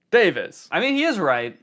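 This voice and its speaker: Brief: a high-voiced young comedy YouTuber, excitable and jokey on camera. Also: male voice, slight background noise. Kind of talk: comedic vlog commentary.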